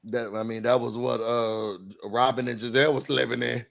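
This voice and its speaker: A man co-hosting a casual reality-show recap, nasal from a cold, animated and acting out quotes. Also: medium pitch, normal speed, vocal fry. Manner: animated, acts out quotes with big shouts. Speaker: podcast co-host.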